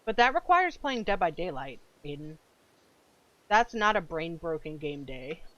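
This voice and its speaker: A woman's voice: lowish voice, very animated, a little slow, muffled recording, a little hiss or hum. A woman streamer chatting casually with viewers while playing a game, laid-back and swearing freely, sometimes eating as she talks. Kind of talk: casual gaming stream chat.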